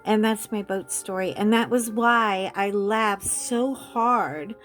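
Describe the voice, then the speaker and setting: A woman hosting a coloring chat, telling a story casually with animated delivery and frequent laughter. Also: mid-range voice, slow, faint music behind. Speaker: host.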